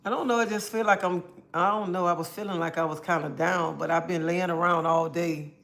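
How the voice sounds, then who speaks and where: A woman hosts a relaxed livestream, calling out viewers by name and chatting easily. She sounds a little under the weather and talks into a phone or webcam mic. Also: on the low side. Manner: greets chat viewers by name, drawn-out friendly talk. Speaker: livestream host. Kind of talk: casual livestream chat.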